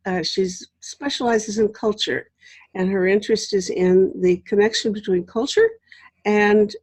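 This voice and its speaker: A woman's voice: medium pitch, breathy edge, dry recording. An older woman hosting an interview show, chatting casually and laughing often with her guest. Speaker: host.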